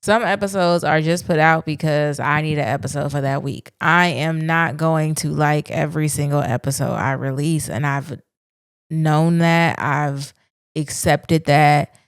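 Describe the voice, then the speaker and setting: A woman with a low, smooth, clear voice hosts her own podcast. She talks candidly and casually, with slang. The sound is dry and close to the mic. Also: fairly even intonation, unhurried, no echo. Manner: candid, conversational, speaks her mind with slang. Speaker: podcast host. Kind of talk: solo reflective podcast monologue.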